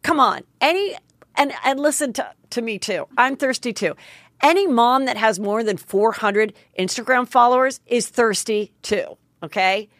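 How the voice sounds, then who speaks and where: A woman's voice: fairly high pitch, animated, moderate pace, fairly bright tone, dry recording. A middle-aged woman hosting a podcast, telling a story in a candid, chatty, self-mocking way with some swearing. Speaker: podcast host. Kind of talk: casual storytelling monologue.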